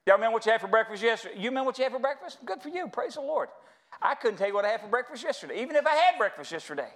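High-voiced folksy American preacher man. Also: very animated, rapid-fire, fairly bright tone. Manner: folksy, storytelling, addresses congregation as y'all. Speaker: pastor. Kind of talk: sermon with humor. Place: church sanctuary.

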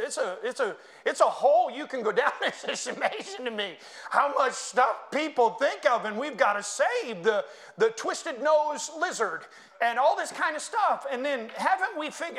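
A man preaching a sermon, reading scripture aloud and making animated asides to the congregation. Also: very high voice. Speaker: pastor.

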